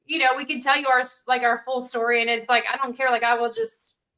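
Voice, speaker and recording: A woman's voice: high-pitched, fairly even intonation, fast talker, bright, forceful tone, low-quality recording. A woman guest on a podcast, chatting candidly and casually, with lots of "like". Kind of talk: casual chat.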